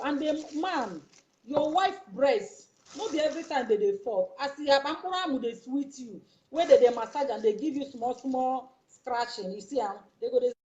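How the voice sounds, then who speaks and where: A woman's voice: fairly high pitch, mellow, highs cut off. A woman with a Nigerian accent gives a casual step-by-step demonstration to her viewers. She talks in a coaxing, repetitive way and keeps checking that they are following. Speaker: YouTuber.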